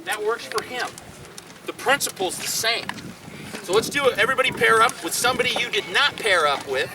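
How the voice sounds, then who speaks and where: A man teaching a hands-on combat class, coaching students through drills with repeated cues and quick asides. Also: very high-pitched, lively intonation. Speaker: combat instructor. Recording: distant camera audio with outdoor noise.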